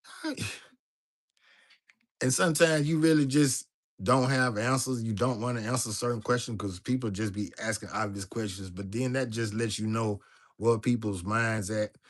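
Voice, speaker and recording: Man, livestream host, loose casual chat, mid pitch. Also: moderate pace. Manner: loose, chatty, talks to viewers directly, reads chat aloud.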